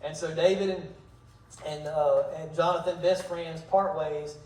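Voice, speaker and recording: Male pastor, high voice, casual storytelling teacher, distant mic in an echoey church hall. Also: fairly even intonation, a little slow, a little mellow. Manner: storytelling, retells scripture in modern slang, acts out dialogue. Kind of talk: casual Bible study teaching.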